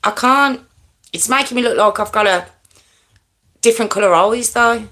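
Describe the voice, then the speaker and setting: A woman hosting a live stream from home, chatting excitedly with viewers and talking to herself as she adjusts her setup. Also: on the high side, moderate pace, pauses often. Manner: excitable, chatty, talks to herself while fiddling with lights. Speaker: true crime live-stream host. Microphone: desk microphone.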